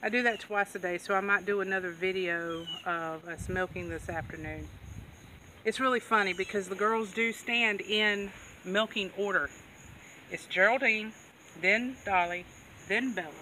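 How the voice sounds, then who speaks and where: A woman's voice: mid-range voice, normal speed, bright, forceful tone. A woman chatting casually in a farm vlog, laughing often and coaxing her animals. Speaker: goat farmer vlogger. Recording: distant outdoor mic, background noise.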